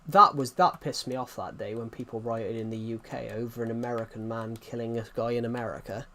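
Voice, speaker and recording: A man's voice: mid-range voice, steady tone, brisk, pushed and bright. Opinionated British man chatting on stream. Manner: opinionated, rambling with many restarts. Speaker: livestreamer. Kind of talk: casual livestream chat.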